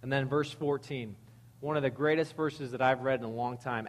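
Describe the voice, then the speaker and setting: A man preaching a sermon in a conversational, animated way, reading verses and acting out quotes. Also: mid-range voice, moderate pace, big-room sound. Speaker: pastor.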